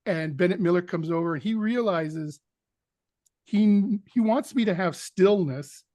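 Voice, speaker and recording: An actor guest on an interview podcast, telling a story with lively act-outs of what people said. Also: male voice, high voice, unhurried, no room sound. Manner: animated anecdote teller, acts out quotes.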